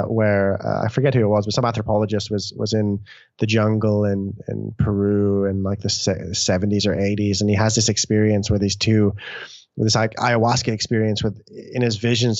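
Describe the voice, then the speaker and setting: A man talking as a guest author, animated and loose, often restarting his sentences and swearing casually. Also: lowish voice, brisk, no echo. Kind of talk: conversational interview. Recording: dull lo-fi dry audio.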